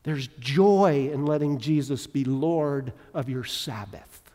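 A man preaching a sermon as a pastor, moving from loud emphatic passages to quiet, intimate appeals and prayer. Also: medium pitch, slow. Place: church sanctuary. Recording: long reverb of a large hall.

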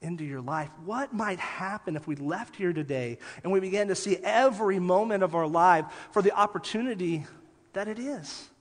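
A man preaching a sermon as pastor, telling lively stories and then dropping quiet for emphasis. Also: sits high, normal speed. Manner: animated storytelling, drops soft for emphasis. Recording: long hall reverb.

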